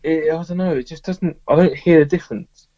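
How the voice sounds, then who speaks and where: A man's voice: on the high side, fairly even intonation, a little fast, dark tone, no room sound. A man co-hosting a podcast, hesitant and self-deprecating, often stopping to search for words. The recording is dry and slightly dull, a little lo-fi. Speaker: podcast co-host. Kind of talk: casual chat.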